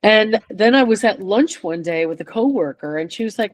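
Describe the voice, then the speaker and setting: An older woman guest chatting in a relaxed way, telling lively stories and laughing often. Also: medium pitch, normal speed. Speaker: guest chorus singer. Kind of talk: casual storytelling chat.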